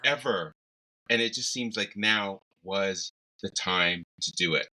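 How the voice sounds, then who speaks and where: A man co-hosting a casual podcast chat, playful and quick to laugh. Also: on the low side, poor audio. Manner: laughs often, animated and playful. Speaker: podcast co-host.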